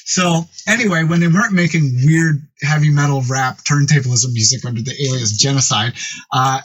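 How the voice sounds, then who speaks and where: A man's voice: mid-range voice, slightly rough, low-quality recording. A middle-aged man, a music producer, telling a long anecdote as a podcast guest and acting out what others said. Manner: animated, acts out quoted voices loudly. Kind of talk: casual storytelling.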